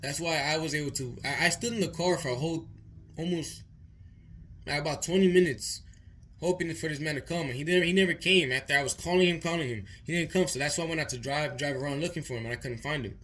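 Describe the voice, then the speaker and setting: A man's voice: on the high side, quick pace, fairly bright tone, slight background noise. A young man vlogger telling a long story in a casual, rambling way, full of swearing and repeated words. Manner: rambling, profane, repeats himself.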